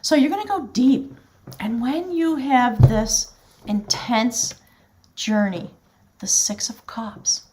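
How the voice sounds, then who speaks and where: A woman's voice: on the high side, a little mellow. A woman giving a spiritual tarot reading, speaking earnestly and directly to the viewer in a flowing, heartfelt way. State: choked up with emotion at times. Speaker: tarot reader.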